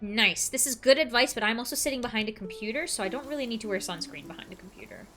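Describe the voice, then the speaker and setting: Soft music plays behind a woman streaming a game from her home computer desk. She talks quickly in a fairly high, fairly bright voice, chatting casually and teasing her viewers in a playful way.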